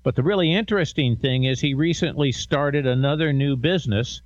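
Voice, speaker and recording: A man's voice: a little high, brisk, no echo. Man hosting, slightly muffled sound. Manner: relaxed, hesitant fillers. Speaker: radio show host. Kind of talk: casual radio talk.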